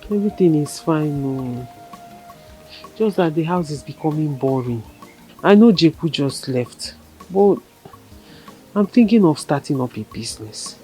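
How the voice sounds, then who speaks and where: A restless young wife with a Nigerian accent, confiding her plans to a friend. Her voice is mellow and dark, with soft music behind. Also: low-pitched, lively intonation, measured pace, pauses often, low-quality recording. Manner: chatty, confiding. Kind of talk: Nollywood film acting.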